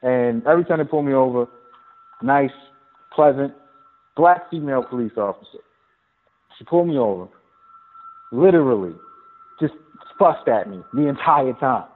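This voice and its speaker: Profane animated man, phone-like audio. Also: medium pitch, normal speed, long pauses. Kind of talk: casual chat.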